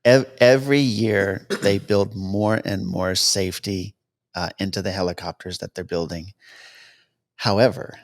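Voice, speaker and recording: Low-voiced man telling aviation stories. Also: a little slow. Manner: anecdotal, acts out quoted dialogue with lively pitch jumps. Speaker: guest, helicopter cameraman. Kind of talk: casual storytelling interview.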